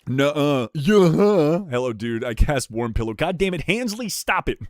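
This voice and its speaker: A man streams and chats with his viewers in a loose, joking way. He swears freely and slides into loud rants, and his pitch swings widely. The sound is dry and close, with no room echo. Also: big pitch swings, measured pace. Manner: rowdy, profane and jokey, ranting with pitch jumps. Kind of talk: casual chat reading viewer messages.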